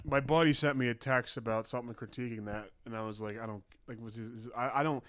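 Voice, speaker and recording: A man co-hosting a casual podcast, telling stories in a rambling, halting, deadpan way. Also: medium pitch, slight background noise. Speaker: podcast co-host.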